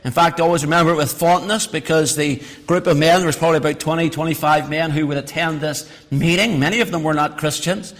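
A man's voice: fairly high pitch, fairly even intonation, fast, hardly any pauses, fairly bright tone. A middle-aged male pastor preaching a sermon, reading scripture and then explaining it with emphatic, repeated phrases. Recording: long hall reverb.

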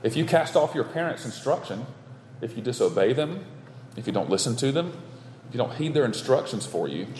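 A man preaching a sermon from the pulpit, stressing his points through steady repetition. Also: medium pitch, a little hiss or hum. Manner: emphatic, repetitive preaching cadence. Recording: echoey hall with long reverb.

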